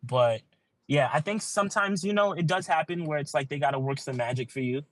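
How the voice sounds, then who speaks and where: A man's voice: on the high side, fairly quick, no echo, poor audio. A young man, a guest actor, telling earnest stories in casual podcast chat, full of likes and you-knows. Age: young adult.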